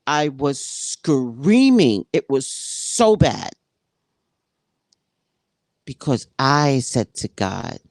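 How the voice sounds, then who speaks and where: Reading aloud from a spiritual book, a psychic pauses to comment on it and performs the dialogue like a lively storyteller. Her voice sits low and slow, with no echo.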